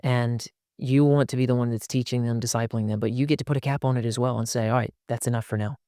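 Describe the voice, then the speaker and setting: Man, middle-aged, podcast co-host, animated storyteller, smooth clear voice, dry close mic. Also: quick pace, dry recording. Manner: animated, acts out dialogue with his sons in a higher voice. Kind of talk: casual podcast conversation.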